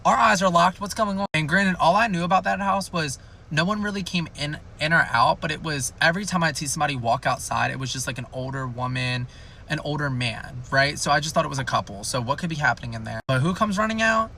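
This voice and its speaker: A man's voice: fairly high pitch, quick pace, vocal fry, sharp tone, a little hiss or hum. A young man telling a rambling, jokey storytime in a chatty way. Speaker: storytime youtuber. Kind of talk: casual storytime.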